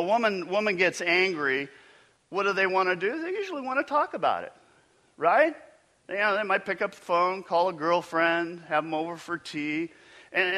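A man's voice: sits high, pushed and bright. A pastor preaching a conversational sermon in a church, asking his congregation questions as he goes.

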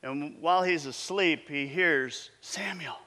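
A man's voice: medium pitch, a little slow, bright, forceful tone. A pastor in his fifties telling a story in a conversational, reflective sermon. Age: 50s. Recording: long echoing reverb.

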